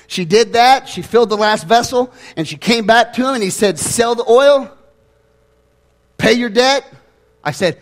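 A young man, a pastor, preaching a sermon, swinging from loud, near-shouted passages down to quiet, low asides. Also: big pitch swings, moderate pace.

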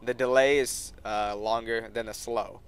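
A man's voice: fairly low pitch, steady tone, unhurried, clear, resonant tone. A young man giving casual, joking commentary over a video game, swearing offhand as he plays. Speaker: gameplay commentator.

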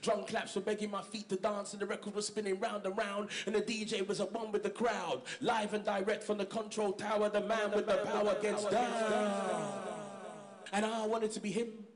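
High-voiced man performing poetry. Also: little pitch movement, moderate pace. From East London. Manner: rhythmic, rising to shouted call-outs. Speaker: spoken word poet. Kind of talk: spoken word performance to an audience.

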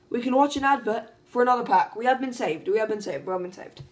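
A woman giving casual, excitable commentary as she opens card packs, calling out reveals and laughing often. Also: a little high, quick pace, hardly any pauses, slight background noise. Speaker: gaming YouTuber. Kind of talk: casual pack-opening commentary. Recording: faint background music.

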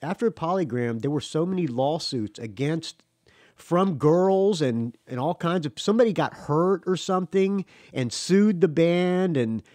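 A man's voice: on the high side, expressive, measured pace, a little mellow, dry recording. A man hosting a podcast who chats casually with his guest and laughs often. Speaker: podcast host. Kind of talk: casual interview chat.

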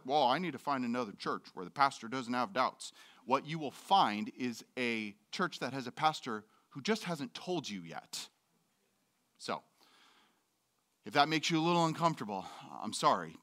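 A man's voice: medium pitch, bright, forceful tone. A middle-aged male pastor preaching a sermon in a church, candid and joking, acting out voices in his quotes.

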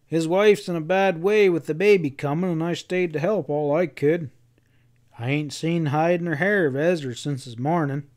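A stubborn cowboy who shields his friend, as a man reading aloud plays him protests and pleads in plain folksy words. The voice runs a little high. It belongs in a storybook western. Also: moderate pace, a little mellow, lightly acted. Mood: protesting.

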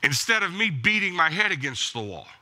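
Pastor guy preaching, high voice, real bright and punchy, blunt commands. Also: big pitch swings, fairly quick. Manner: emphatic, exhorting, blunt repeated commands. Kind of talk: sermon. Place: church.

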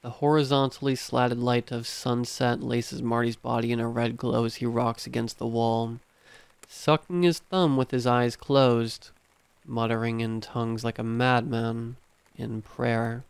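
Brief: male narrator for scripted horror reading, steady delivery, dry close sound. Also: medium pitch, a little slow, gravelly, smooth, dry recording.

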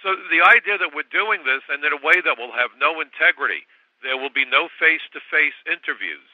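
A man's voice: a little high, animated, a little fast, no room sound. A man in his sixties, a guest on political talk radio, making his case in an emphatic, insistent way with sarcastic asides. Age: 60s. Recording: dry, tinny phone line.

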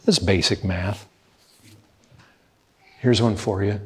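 Husky-voiced man preaching fervently. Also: fairly low pitch, slow, fairly bright tone. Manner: pleading, urgent, repeats "brethren". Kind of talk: fervent sermon.

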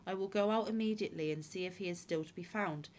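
A woman's voice: lowish voice, fast, darkish tone, a little hiss or hum, close to an everyday voice. A woman voicing a naive, earnest young farmer's son in a fairy-tale reading.

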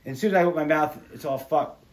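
A middle-aged former windsurfer tells stories casually in an interview, racing along in a fairly high voice. He's animated, swears, and acts out the voices of people he quotes.

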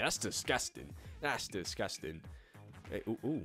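A young man giving excitable, profane let's-play commentary and laughing often. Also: on the low side, normal speed, faint music behind. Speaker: gaming channel host.

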